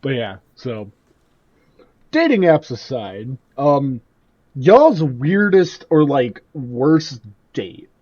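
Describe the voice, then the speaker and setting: A man's voice: mid-range voice, sing-song, very slow, darkish tone, dry recording. A man with a Midwestern US accent, co-hosting a casual podcast chat, laughing often and asking the questions. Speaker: podcast co-host. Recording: dull lo-fi dry recording.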